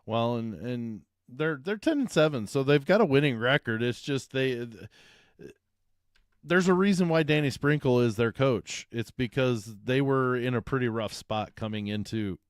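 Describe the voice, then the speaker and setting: A man's voice: medium pitch, expressive, moderate pace, smooth, dry recording, clean studio sound. A man co-hosting a casual sports talk show, rambling and correcting himself as he breaks down a basketball matchup. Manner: rambling, self-correcting, frequent uh fillers. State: hiccups. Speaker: sports podcast co-host.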